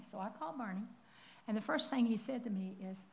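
An older woman preaching a sermon, telling stories with lively acted-out quotes. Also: on the high side, brisk. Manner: animated storytelling with acted-out quotes.

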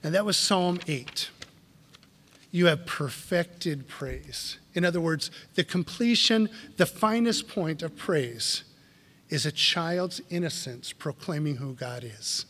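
A man preaching a sermon as a pastor, emphatic and animated, full of rhetorical questions and repeated phrases. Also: fairly high pitch, unhurried, in a large hall.

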